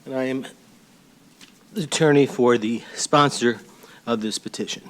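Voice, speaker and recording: A man's voice: mid-range voice, a bit bright. Guy lawyer testifying at a hearing, lots of ums, stops and restarts, table mic. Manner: halting, with fillers and pauses while looking up notes. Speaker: attorney for a petition sponsor. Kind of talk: testimony at a public board hearing. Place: public hearing room, speaking into a table microphone.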